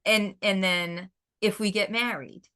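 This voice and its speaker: A woman's voice: medium pitch, steady tone, measured pace, sharp tone. A woman guest talking casually about folk magic, forthright and prone to repeating words as she talks. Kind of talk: casual interview chat.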